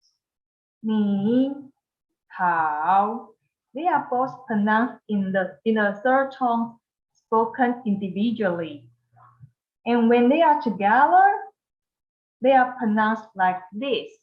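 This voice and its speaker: A woman teaching a beginner Mandarin lesson in English, modeling each word slowly and carefully for learners to repeat. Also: fairly high pitch, expressive. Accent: Taiwanese Mandarin. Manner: slow, careful modeling of words for repetition. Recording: echoey room, slightly dull sound.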